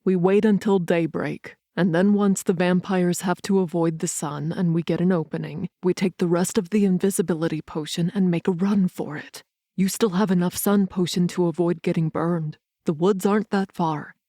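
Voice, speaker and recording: A woman voicing a protective, blunt young male werewolf in an audiobook, speaking a little lower and in an earnest, steady way. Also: moderate pace, no room sound, clean studio sound. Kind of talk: audiobook character reading.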